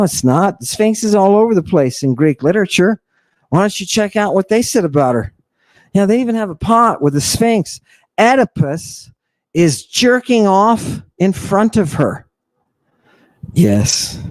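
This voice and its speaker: A man's voice: high-pitched, darkish tone, no room sound. A man hosting a podcast, delivering an impassioned lecture-style monologue with emphatic, sardonic rhetorical questions. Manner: mocks opponents with exaggerated put-on voices. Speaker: podcast host.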